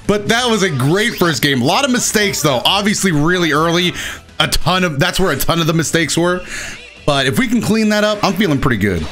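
A young man giving excitable live commentary on his own fighting game matches, talking to himself and laughing at his own mistakes. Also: sits high, moderate pace, soft background music. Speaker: gaming commentator.

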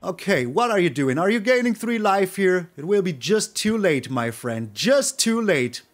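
Man, card-game commentary, excitable, very lively pitch, high voice. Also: moderate pace, faint music behind. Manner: excitable, animated, swings to loud shouts. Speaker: gaming YouTuber.

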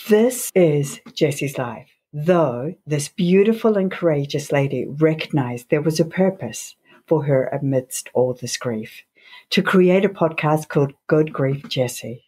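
A woman hosting a podcast interview, speaking slowly, gently and earnestly. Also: low-pitched, husky. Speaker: podcast host.

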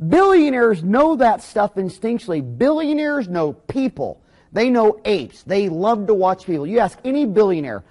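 A man with a high voice for a male speaker delivers a recorded business lecture as a dentist. He talks in a rambling, blunt, folksy way, jumping from one anecdote to the next. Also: big pitch swings, normal speed, darkish tone.

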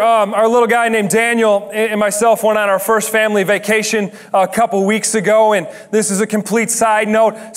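A young man giving a chatty, joking sermon that tells a story and builds to shouted emphasis. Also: sits high. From Dutch heritage. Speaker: guest preacher.

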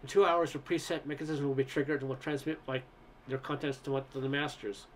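A man voicing a tall, weary alien scout who speaks in a slow, measured, flat way. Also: mid-range voice, a little hiss or hum, lightly acted. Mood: dispassionate.

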